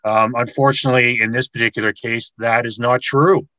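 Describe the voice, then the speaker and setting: A man's voice: mid-range voice, flat delivery, a little fast, sharp tone, no echo, rough recording. A man giving an online military history lecture over a video call, explaining step by step with fillers and restarts.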